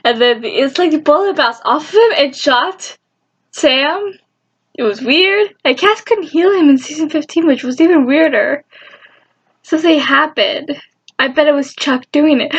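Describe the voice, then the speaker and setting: A young woman excitedly recapping a TV show in casual, rambling talk, getting emotional and squealing at moments. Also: high voice, unhurried, dull audio. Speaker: fan vlogger.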